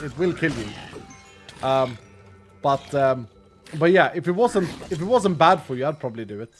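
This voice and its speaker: A man's voice: fairly high pitch, fairly bright tone, slight background noise. A man streaming a game, chatting casually and rambling, often laughing. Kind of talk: casual gaming commentary.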